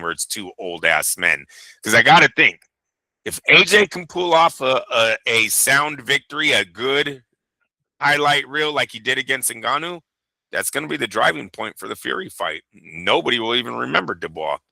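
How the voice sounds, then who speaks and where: Man, boxing co-host, blunt emphatic talk, very bright tone, dry recording. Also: fairly low pitch, vocal fry, dry recording, low-quality recording. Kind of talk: casual chat.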